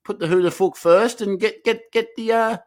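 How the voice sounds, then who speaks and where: A man's voice: sits high, steady tone, moderate pace, darkish tone. An Australian man in his thirties co-hosting a podcast, bantering in a laid-back way with rambling restarts. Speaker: podcast co-host. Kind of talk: casual comedic podcast chat.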